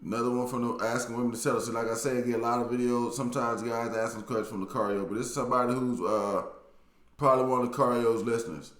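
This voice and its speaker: A man's voice: medium pitch, steady tone, fast talker, fairly bright tone. Man, Southern accent, casual commentator answering viewer comments; laid-back and plainspoken, recorded in an echoey room. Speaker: YouTube commentator.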